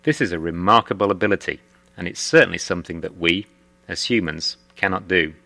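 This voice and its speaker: A man narrating a documentary clip in a calm, explanatory way. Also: deep voice, brisk, gravelly. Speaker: video narrator.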